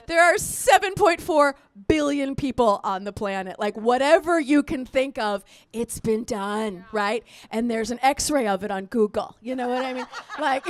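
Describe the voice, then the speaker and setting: A woman in her thirties tells a raunchy stand-up story at a live show. Her voice sits high and leaps all over the place as she chats crudely and keeps checking in with the audience. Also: normal speed. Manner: animated, chatty, crude storytelling with frequent "right?" and "you know what I mean?". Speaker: stand-up comedian. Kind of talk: stand-up comedy set. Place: live comedy show at a resort.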